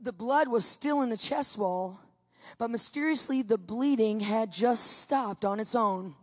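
A woman preaching, telling her own story to a congregation with lively, acted-out quotes. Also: a little high, a little slow, big-room sound. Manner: animated storytelling, acting out quotes. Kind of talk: testimony sermon to a live audience.

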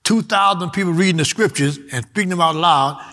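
A man's voice: high-pitched, fairly quick, bright, forceful tone. A man preaching a sermon, reading scripture aloud and repeating his key words with emphasis.

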